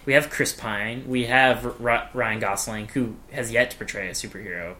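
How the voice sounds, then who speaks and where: A man's voice: medium pitch, steady tone, normal speed, bright, forceful tone. A man chatting casually about movies and actors, rambling and often restarting his sentences. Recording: noisy room ambience.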